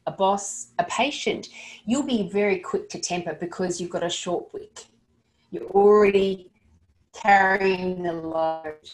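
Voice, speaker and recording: A woman's voice: mid-range voice, darkish tone. A woman giving an earnest, practical lesson to dental practice staff, sometimes stumbling and restarting her sentences. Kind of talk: instructional talk to dental staff.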